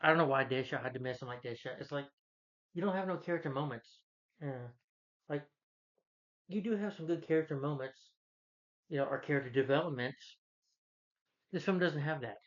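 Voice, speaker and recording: A man's voice: a little high, fairly quick, pauses often, muffled recording. A man giving a casual, opinionated movie review, rambling with many restarts and fillers.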